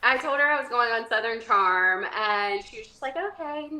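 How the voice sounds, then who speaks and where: A woman's voice: fairly high pitch, normal speed, pushed and bright, rough recording. A young woman from North Carolina chatting as an interview guest, full of "like" and acting out little quotes as she tells stories. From Charlotte, North Carolina. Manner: chatty, lots of "like", acts out quotes. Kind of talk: casual interview chat.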